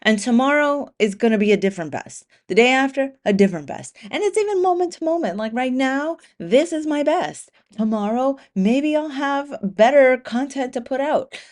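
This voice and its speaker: A woman with a slightly high voice hosts a solo motivational podcast. She talks casually and swears freely. She acts out the inner voices of imagined runners. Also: normal speed, few pauses. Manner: animated, profane, acts out imagined racers' thoughts. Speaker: podcast host.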